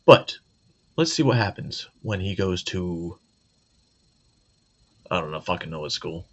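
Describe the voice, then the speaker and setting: A man's voice: low voice, lively intonation, measured pace, husky, lo-fi sound. A man hosting a commentary video, talking in a sarcastic, conversational way. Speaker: video host. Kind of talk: commentary monologue.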